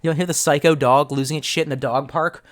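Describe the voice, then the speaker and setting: A man's voice: fairly high pitch, steady tone, fairly quick. A man streaming live, who rambles casually with lots of swearing and reads viewer comments aloud.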